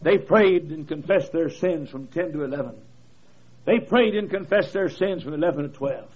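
Revival preacher, male, high raspy voice, impassioned storytelling, dull lo-fi church PA tape. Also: lively intonation, moderate pace. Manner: storytelling preacher, rising to impassioned shouted cries. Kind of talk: fiery revival sermon. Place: church service. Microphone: PA microphone.

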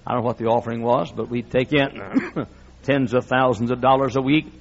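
A man's voice: medium pitch, steady tone, moderate pace, dull audio, a little hiss or hum. A male pastor preaching a sermon with impassioned, folksy delivery and frequent laughter.

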